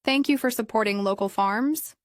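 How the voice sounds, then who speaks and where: A woman's voice: fairly high pitch, normal speed, no room sound, studio quality, close to an everyday voice. A woman voicing a welcoming female honey seller at a farm market. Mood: warm. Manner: warm, welcoming. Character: warm woman selling homemade honey.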